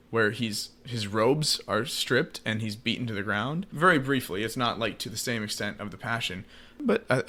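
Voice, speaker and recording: A man co-hosting a podcast, calmly explaining story context in a casual film discussion. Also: fairly low pitch. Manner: explains context and draws thoughtful comparisons, with frequent fillers. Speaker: podcast co-host.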